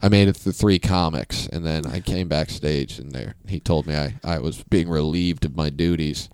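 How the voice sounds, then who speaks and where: A man's voice: a bass voice, normal speed, smooth, no room sound. A comedian guest, a man telling stories in casual, profane chat, laughing often. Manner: animated, profane, laughing storyteller.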